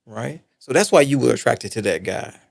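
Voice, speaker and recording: A man's voice: medium pitch, expressive, normal speed, creaky. A middle-aged man, a podcast guest telling personal stories earnestly, repeating points for emphasis and checking in with "right?". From Texas. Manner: earnest storyteller, emphatic repetition, asks "right?". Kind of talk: casual podcast conversation.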